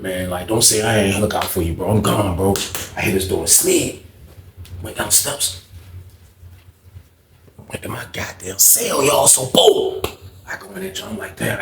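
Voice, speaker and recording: Animated man with a gravelly voice. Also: lowish voice, roomy sound, a little hiss or hum. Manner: animated, acts out the voices of others in the story. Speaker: storyteller. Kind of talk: storytime monologue.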